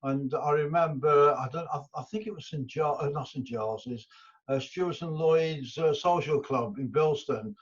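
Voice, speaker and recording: A man's voice: a little high, moderate pace, husky. Rambling older man. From England. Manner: rambling, many restarts and fillers. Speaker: guest musician. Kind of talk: casual interview storytelling. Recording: dull lo-fi audio.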